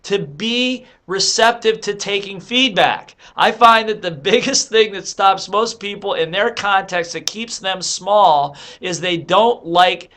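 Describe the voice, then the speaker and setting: A man's voice: high-pitched, unhurried, hardly any pauses, pushed and bright. Emphatic man giving a motivational talk. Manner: emphatic, coaching, asks rhetorical questions. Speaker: motivational speaker and author. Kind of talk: motivational monologue.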